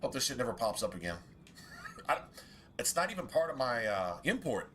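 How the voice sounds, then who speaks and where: A man streaming a game and talking over it in a loose, profane, grumbling way, often breaking into laughter. His voice is bright and forward, with a faint hiss of noise underneath. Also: mid-range voice, very animated, moderate pace. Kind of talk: casual gameplay commentary.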